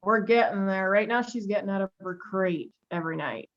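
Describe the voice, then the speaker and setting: A woman's voice: medium pitch, fairly quick. A young woman volunteering in a role-play demonstration, easygoing and candid as she talks. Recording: muffled lo-fi sound.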